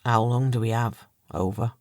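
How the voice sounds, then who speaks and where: A woman's voice: rumbling low, steady tone, moderate pace, a little mellow, dry recording, studio quality, voice pushed down. A woman voicing a middle-aged male police chief, strained and heavy with emotion. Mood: desperate.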